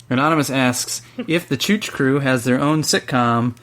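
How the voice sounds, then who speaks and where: A man's voice: mid-range voice, a little slow, a bit bright. A young man hosting a casual podcast, reading listener questions and teasing his co-hosts. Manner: joking, teasing.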